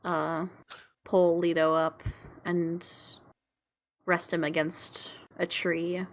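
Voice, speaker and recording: A young woman playing a tabletop game, describing her character's actions slowly and haltingly. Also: on the low side, flat delivery, poor audio. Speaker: player. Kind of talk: casual tabletop gaming chat.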